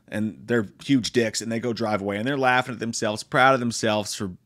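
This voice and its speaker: A man's voice: on the low side, fairly quick, dry recording. A man giving a casual, profane and joking spoken movie review. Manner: profane, joking, animated retelling.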